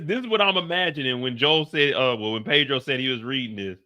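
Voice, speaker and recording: A man's voice: mid-range voice, animated, a little fast, hardly any pauses, pushed and bright. A man hosting a casual live reaction stream, talking in loose, profane, slangy banter and laughing often.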